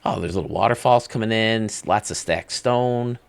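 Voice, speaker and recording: A man's voice: lowish voice, moderate pace, vocal fry, no room sound. A man hosting a video game channel, giving casual, enthusiastic commentary that rambles as he thinks aloud.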